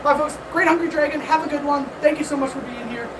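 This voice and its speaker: Forging on a live stream, a woman blacksmith greets her viewers in an upbeat, casual way, breathless from the hammering. She talks quickly in a high voice. A far-off mic picks up loud forge noise.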